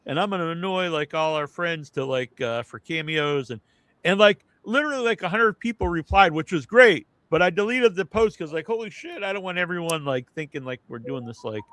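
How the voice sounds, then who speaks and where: A man's voice: on the high side, animated, a little fast, a bit bright, no echo, rough recording. A man hosting a casual live podcast chat, rambling with lots of filler words. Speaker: podcast host. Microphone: video call.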